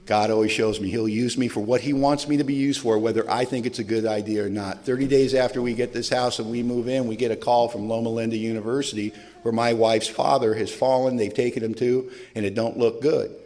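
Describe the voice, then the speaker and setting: A man's voice: medium pitch, steady tone, fairly quick, hardly any pauses, a little mellow. Earnest man telling his story in a reverberant hall. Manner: candid, earnest, conversational storytelling. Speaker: speaker at a recovery meeting. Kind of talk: personal testimony talk. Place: large hall with long reverb. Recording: live hall recording with long reverb.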